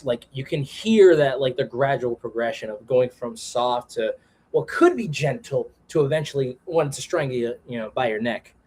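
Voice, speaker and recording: A man co-hosting a casual livestream while drawing, animated and playful in how he talks. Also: medium pitch, moderate pace. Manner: animated, jumps into playful put-on voices. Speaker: comic artist co-host.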